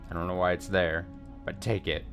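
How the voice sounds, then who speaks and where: A man's voice: low voice, little pitch movement, moderate pace, fairly bright tone, soft background music. A man casually commenting while playing a game, thinking aloud with lots of fillers. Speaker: gaming streamer. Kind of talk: casual let's play commentary.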